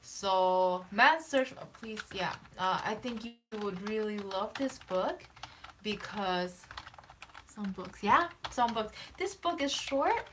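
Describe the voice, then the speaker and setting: A woman's voice: medium pitch, lively intonation, slow pace, noisy background. Encouraging woman guest on a live stream. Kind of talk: casual live stream chat.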